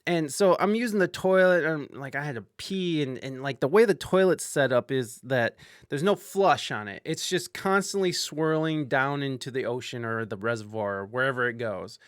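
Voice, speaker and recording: A man hosting a podcast, casually telling a profane story with loud panicked outbursts and asides to live-stream viewers. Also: medium pitch, normal speed, no room sound, clean studio sound. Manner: animated, profane, swings into loud panicked outbursts when quoting himself. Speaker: podcast host.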